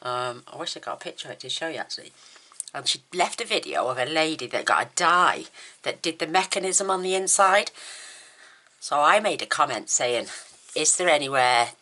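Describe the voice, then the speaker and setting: Chatty, very low-voiced woman. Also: lively intonation, normal speed, sharp tone. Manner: chatty, enthusiastic, rambling asides. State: numb mouth after the dentist. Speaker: papercraft demonstrator. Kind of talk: casual crafting tutorial.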